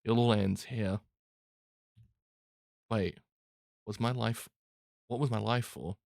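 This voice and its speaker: Gravelly man swearing through a reaction. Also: lowish voice, fairly even intonation, slow pace, a little mellow, dry recording, clean studio sound. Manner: swears a lot, laughs between lines. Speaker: manga reaction streamer. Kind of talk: emotional reading reaction.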